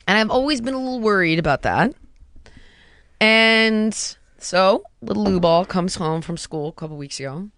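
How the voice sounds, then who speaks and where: A woman's voice: medium pitch, moderate pace, no room sound. Woman host telling a story in a dry room. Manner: animated retelling, drops to a soft hush for quotes. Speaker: podcast host. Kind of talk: casual storytelling chat.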